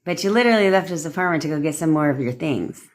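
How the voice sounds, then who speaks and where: A woman's voice: low voice, expressive, fast. A woman manifestation coach giving blunt, rambling advice on a live stream, swearing freely as she reads and answers viewer comments.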